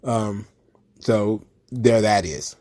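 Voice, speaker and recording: A man's voice: on the low side, extremely slow, a little mellow, no room sound. A man hosting a casual wrestling commentary show, blunt and profane, rambling with lots of fillers.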